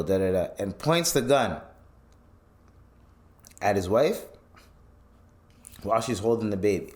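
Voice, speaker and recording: A man's voice: mid-range voice, a little slow, long pauses. A man hosting a podcast, telling stories in a loose, profane rant and acting out the people he quotes. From Canada. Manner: animated storytelling, acts out quotes, swears freely. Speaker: podcast host. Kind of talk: casual commentary rant.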